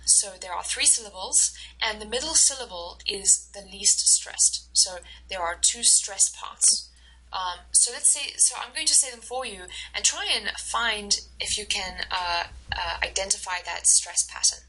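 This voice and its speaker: A woman instructor giving a recorded lecture over slides, explaining slowly and carefully with many fillers and restarts. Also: medium pitch, pushed and bright, slightly rough, poor audio.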